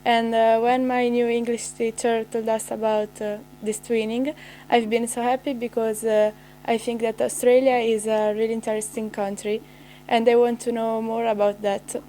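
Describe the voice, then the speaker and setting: Teenage girl, warm mellow tone, playful, slightly high. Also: level tone, normal speed, slight background noise, rough recording. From Italy. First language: Italian. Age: teens. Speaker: exchange student. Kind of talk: self-introduction to pen pals.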